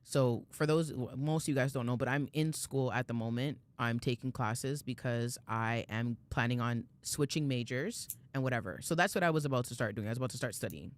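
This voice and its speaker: A woman's voice: a bass voice, fairly quick, hardly any pauses. A woman, co-hosting a podcast and telling a story in casual chat, slangy and swearing freely. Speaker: podcast co-host.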